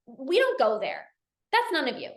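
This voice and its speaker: A woman with a high voice coaches a live online class. She speaks earnestly, often repeating phrases and laughing easily. Her voice carries a roomy echo. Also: very animated, normal speed.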